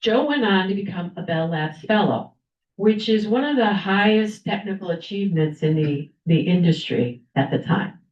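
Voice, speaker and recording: A woman's voice: mid-range voice, normal speed. Older woman telling a story in an echoey room. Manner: animated storyteller, acts out quoted people. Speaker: club member giving a speech. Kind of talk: prepared storytelling speech. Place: meeting room at a club lunch. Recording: echoey room, dull lo-fi sound.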